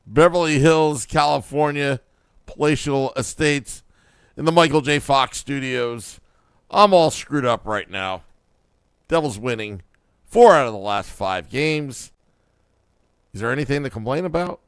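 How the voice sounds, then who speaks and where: Brief: smooth-voiced man, podcast host, tongue-in-cheek announcer intro, slightly high, dry close mic. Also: expressive, unhurried, long pauses, no room sound. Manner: playful announcer patter, tired late at night. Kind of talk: mock-grand broadcast intro.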